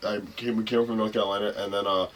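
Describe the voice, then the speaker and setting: A man's voice: fairly low pitch, quick pace. A man telling a wrestling story in casual, profane talk, jumping into voices for the people he quotes. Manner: profane, animated, acts out quotes in changing voices. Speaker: guest wrestler.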